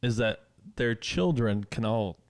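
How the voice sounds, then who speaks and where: A young man in casual podcast chat, his voice sitting at an ordinary middle pitch. He tells animated stories and breaks into shrill shrieks when he mimics others. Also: a little slow. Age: young adult. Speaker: podcast co-host.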